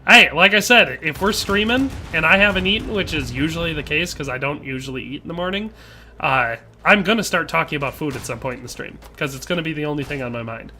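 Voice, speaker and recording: Bright-voiced Midwestern man streaming games. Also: a little high, animated, quick pace, soft background music. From Wisconsin, USA. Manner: rambling, joking, reads chat aloud. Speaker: game streamer. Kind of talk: casual live-stream chat while gaming.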